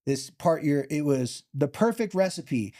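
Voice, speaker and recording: A man and former football player telling a personal story in an animated, heartfelt way. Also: a little high. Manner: animated, heartfelt, fast bursts. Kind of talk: emotional storytelling.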